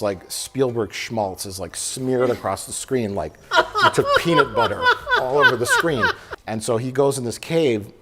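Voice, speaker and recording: A man's voice: mid-range voice, fairly bright tone, slight background noise. A man chatting casually about movies as a reviewer, rambling and joking, often breaking into laughter. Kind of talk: casual chat.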